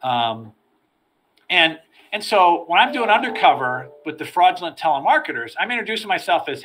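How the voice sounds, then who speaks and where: A middle-aged man, a former federal agent, telling stories from his career as a podcast guest, animated and repeating words as he starts his sentences. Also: high voice, normal speed, a little hiss or hum. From United States. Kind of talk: storytelling in a podcast interview.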